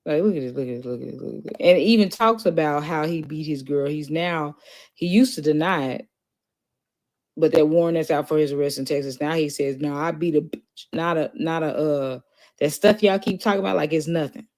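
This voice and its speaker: A woman's voice: deep voice, brisk, darkish tone. A woman streamer giving casual, mocking commentary over a played clip, talking straight to her viewers.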